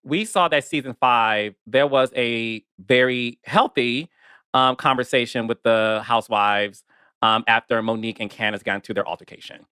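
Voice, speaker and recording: A man's voice: mid-range voice, normal speed, smooth, dry recording, studio quality. A man interviewing a guest, candid and openly emotional, casual in his speech. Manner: warm-hearted, candid, emotional. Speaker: interviewer, producer. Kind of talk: interview chat.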